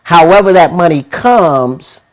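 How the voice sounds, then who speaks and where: A man giving a motivational money talk, animated and preachy, with lots of rhetorical questions and slangy, casual phrasing. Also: on the high side, measured pace. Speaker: money mentor.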